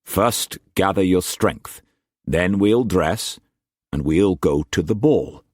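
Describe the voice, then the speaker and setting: A man voicing a strong middle-aged merchant with a Scottish accent, speaking low, slow and deliberate. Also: lively intonation, darkish tone, no room sound, studio quality, heavily acted. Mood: tender.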